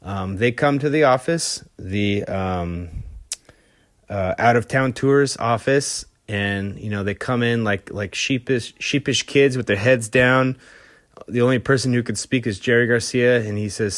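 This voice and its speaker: A man's voice: mid-range voice, measured pace, dry recording. A man hosting a podcast, telling a rock story in a loose, casual way with lots of fillers and the odd curse. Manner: loose and profane, many fillers and restarts. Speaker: podcast host.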